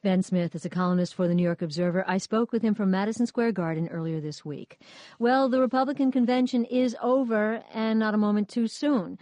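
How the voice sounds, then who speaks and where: A woman hosting a public radio news show, introducing segments and putting brisk, friendly questions to guests. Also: mid-range voice, warm tone, dry recording.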